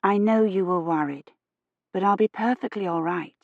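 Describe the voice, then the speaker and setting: A woman voicing a frightened young historian, her words halting and shaky with fever. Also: mid-range voice, dry recording, highs cut off, lightly acted. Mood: feverish. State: teeth chattering with fever.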